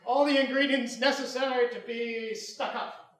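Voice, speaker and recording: A man's voice: very high-pitched, fairly even intonation, moderate pace, a bit bright, slight background noise. A man doing improv as a tall, bearded French king, pompous and aloof, lonely and haughty. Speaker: improv comedian. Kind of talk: live improv scene. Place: small improv theater stage. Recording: roomy live theater, mic from far off. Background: audience laughter.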